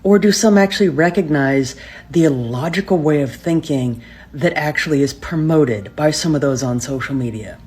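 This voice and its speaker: A speaker giving formal commentary in a measured, rhetorical way. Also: medium pitch, a little mellow, slightly rough.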